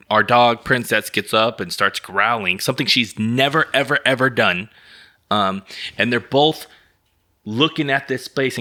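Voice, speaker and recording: Casual podcast co-host, male, bright and forceful tone, animated storyteller who swears freely. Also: mid-range voice. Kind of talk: casual chat.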